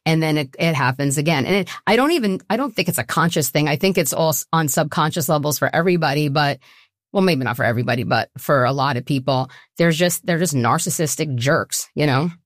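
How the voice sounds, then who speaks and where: A middle-aged woman with a fairly low voice tells her own story as a guest in a casual interview. She talks in an earnest, heartfelt way. The sound is dry and close, with no room around it. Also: animated, a little fast, no room sound. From Southwest Florida. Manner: earnest, personal, emotional storytelling. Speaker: guest, nonprofit co-founder.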